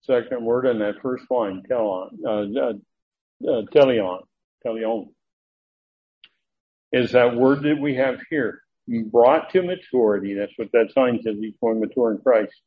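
A male preacher works through a scripture passage verse by verse, pressing hard on key words and often circling back with restarts and filler sounds. His voice is husky and slightly rough. The sound is thin and narrow, as if coming through a phone line. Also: mid-range voice, measured pace. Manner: earnest, emphatic, with frequent restarts and filler sounds. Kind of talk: verse-by-verse sermon.

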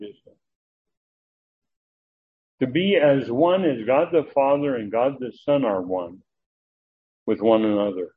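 Husky-voiced preacher on a tinny line. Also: male voice, mid-range voice. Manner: earnest, emphatic, with frequent restarts and filler sounds. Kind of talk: verse-by-verse sermon. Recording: narrow, tinny phone-like sound.

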